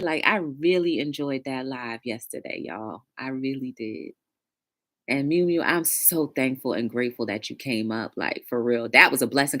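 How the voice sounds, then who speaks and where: A woman's voice: sits low, very animated, normal speed, fairly bright tone. Chatty woman hosting a livestream. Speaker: livestream talk show host. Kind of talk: casual livestream chat.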